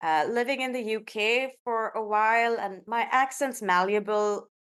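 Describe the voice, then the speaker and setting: A woman's voice: a little high, moderate pace, a bit bright, smooth. A woman in her thirties from India, chatting as a podcast guest in a rambling, conversational way. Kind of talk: casual conversational interview.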